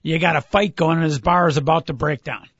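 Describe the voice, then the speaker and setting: A man's voice: a little high, fairly even intonation, fairly quick, fairly bright tone, husky, no room sound, dull audio. A man hosting a casual sports talk show, asking wry, teasing questions. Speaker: host.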